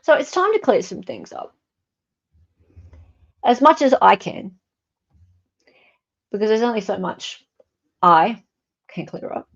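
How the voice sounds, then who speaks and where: A woman's voice: fairly high pitch, very animated, slow, pauses often, lo-fi sound. A woman with an Australian accent hosts a casual livestream, reading viewer comments with wry, self-correcting asides. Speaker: online commentator.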